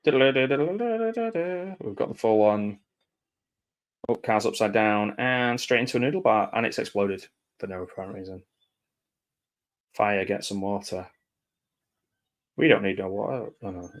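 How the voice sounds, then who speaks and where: A man giving casual live commentary over a film, reacting aloud and often dropping into quiet mumbled asides. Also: on the low side, level tone, moderate pace, pauses often.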